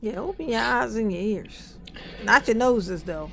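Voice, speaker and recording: A woman's voice: a little high, expressive, measured pace, creaky, slight background noise. A woman giving sarcastic, laughing commentary over a courtroom video.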